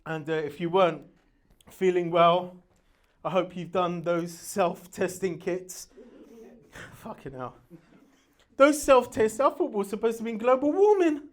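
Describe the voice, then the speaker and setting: A man performing a stand-up comedy set, telling stories brashly and animatedly, with his own sound effects and put-on voices. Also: very high voice. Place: comedy venue with live audience. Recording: crowd audible in the background. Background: audience laughter.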